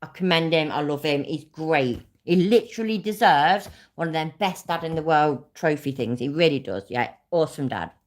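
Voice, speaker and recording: A woman's voice: sits low, normal speed, hardly any pauses. A woman from Leicester with an East Midlands accent, hosting a casual live stream and ranting in rambling, sweary bursts that speed up. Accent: East Midlands English. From Leicester, England.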